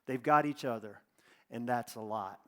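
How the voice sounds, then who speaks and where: A man welcoming a church congregation and opening a sermon, energetic and chatty with joking asides, a little out of breath. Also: mid-range voice, normal speed. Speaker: pastor. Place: church auditorium.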